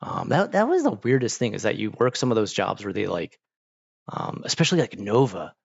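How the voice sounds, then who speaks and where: Man, rambling casual chat, storytelling with lots of fillers, slightly low voice, muffled lo-fi sound. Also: sing-song, a little fast, gravelly, husky. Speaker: streamer.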